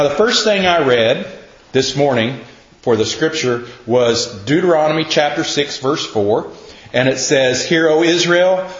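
A man preaching a Sunday sermon in a conversational, self-deprecating way, slowing down to read scripture aloud. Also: medium pitch. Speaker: pastor. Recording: echoey, dull lo-fi room sound.

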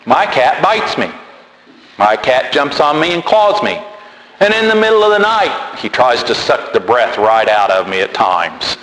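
A man's voice: mid-range voice, big pitch swings, a little slow, fairly bright tone. A man preaching a sermon in a loose, conversational way, repeating words and going off on asides. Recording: roomy hall with long reverb and faint noise.

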